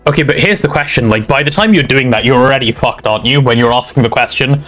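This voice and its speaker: A man's voice: mid-range voice, quick pace, few pauses, fairly bright tone, soft background music. A man, streaming a game and chatting casually with a friend. He teases and mutters to himself as he plays. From Britain. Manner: playful, teasing, mutters while playing. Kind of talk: casual gaming stream chat.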